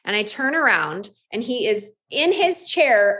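A woman in her thirties telling a candid personal testimony about her business, lively and animated, acting out what she once said. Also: sits high, measured pace. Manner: candid, animated, acts out her own past lines. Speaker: network marketing distributor.

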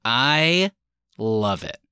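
A man's voice: mid-range voice, expressive, drawn-out words, sharp tone, clear, resonant tone, no room sound, clean studio sound. A man co-hosting a casual film podcast, talking with enthusiasm and laughing often. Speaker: podcast co-host.

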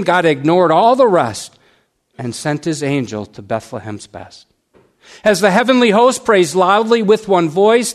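Slow, deliberate man preaching a sermon. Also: high-pitched. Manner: slow and deliberate, rhyming recitation then earnest preaching and a quiet led prayer. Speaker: pastor.

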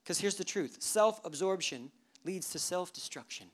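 A male pastor in his thirties delivers a lively sermon. He moves between plain teaching and playful storytelling, acting out the stray thoughts of people in the pews. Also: sits high, normal speed. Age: 30s. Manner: animated storytelling, acting out worshippers' inner thoughts with humor.

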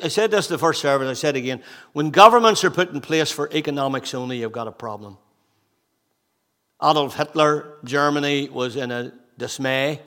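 A man's voice: mid-range voice, fairly bright tone, long reverb tail. A male pastor preaching a sermon with impassioned delivery and repeated rhetorical questions.

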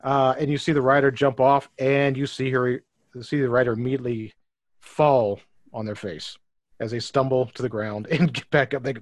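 A man's voice: mid-range voice, fairly even intonation, normal speed, dry recording. A man narrating a tabletop game as game master, describing scenes with many fillers.

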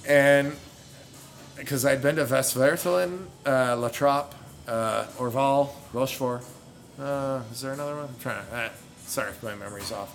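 A middle-aged man tells a story in loose podcast chat. He laughs easily and circles back to fix his details as he goes. His voice sits at an ordinary pitch, and faint music plays behind him. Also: normal speed. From United States. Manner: rambling and animated, self-correcting, laughs a lot.

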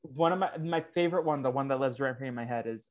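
This is a podcast co-host, a man with a medium-pitched voice who talks fast. His casual chat is hesitant and packed with fillers.

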